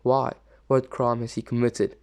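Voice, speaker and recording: A man's voice: medium pitch, little pitch movement, a little slow, darkish tone, natural voice. A man reading as a questioning Roman governor.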